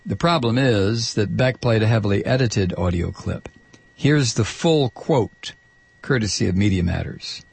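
A man's voice: on the low side, measured pace, gravelly, darkish tone, husky. A man hosting a political talk show, ranting with indignant sarcasm. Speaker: radio talk host. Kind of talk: political commentary monologue.

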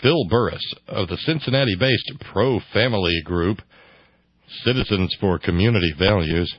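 A man's voice: fairly low pitch, normal speed, slightly rough, no room sound, muffled recording. A man hosting a radio talk show, giving sarcastic, incredulous commentary into a close mic.

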